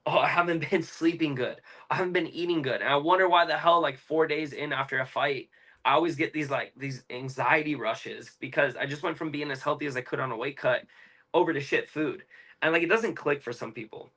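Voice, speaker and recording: A young man, an interview guest, explaining at length in a fast, emphatic, casual way with slang. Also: a little high, sharp tone, low-quality recording.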